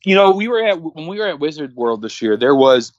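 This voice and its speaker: This podcast co-host is a man with a fairly high pitch who sounds very animated and moves briskly. He riffs on a casual movie-watching show, blunt and profane with plenty of fillers, in a dull, muffled recording free of room sound.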